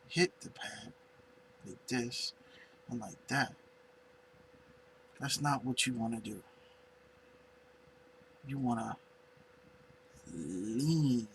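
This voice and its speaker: Slow gravelly man teaching finger drumming. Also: mid-range voice, fairly bright tone, slight background noise, poor audio. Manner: unhurried, searching for words, demonstrating on pads. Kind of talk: casual tutorial demonstration.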